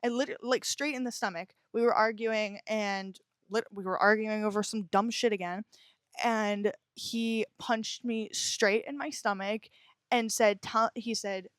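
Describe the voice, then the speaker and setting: A woman's voice: medium pitch, moderate pace, fairly bright tone, dry recording, studio quality. A young adult woman hosting a podcast, talking bluntly and emphatically about her own life and swearing often. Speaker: podcast host. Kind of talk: personal confessional monologue.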